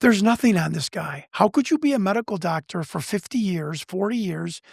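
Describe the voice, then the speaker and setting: A man from Chicago, a guest researcher, telling a story in an animated way, full of restarts and acted-out quotes. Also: sits high, fairly quick, gravelly, breathy edge, dry recording, clean studio sound. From Chicago, United States.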